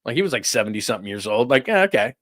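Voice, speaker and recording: Middle-aged male sports talk host, bright dry voice, rambling incredulous rant with restarts. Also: medium pitch, sing-song, very fast, no room sound.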